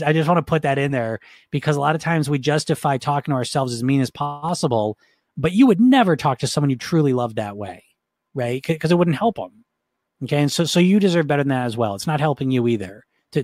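A man's voice: on the high side, a little mellow, dry recording, studio quality. A man coaching in a casual teaching talk, conversational, often checking in with the listener and restarting his sentences. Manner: frequent restarts and fillers.

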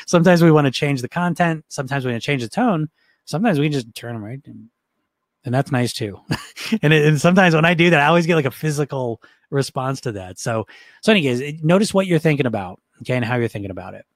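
A man's voice: on the high side, animated, fast, dry recording. Man giving a casual, dry-sounding coaching talk. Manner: conversational, often checks in with the listener; frequent restarts and fillers.

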